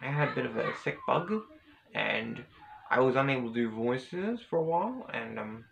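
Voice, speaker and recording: A man's voice: medium pitch, expressive, moderate pace, gravelly, a bit bright, a little hiss or hum, low-quality recording. A man vlogging casually, telling a personal story in a rambling, hesitant way with many restarts.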